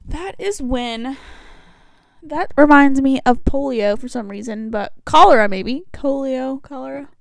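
A woman's voice: high voice, unhurried, creaky, no room sound. A young woman co-hosting a podcast in playful, jokey casual chat. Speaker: podcast co-host.

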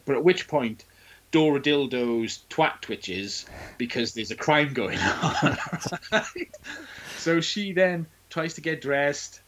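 A man in casual chat, retelling a film in a crude, sweary and animated way and acting out its lines. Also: medium pitch, slow pace.

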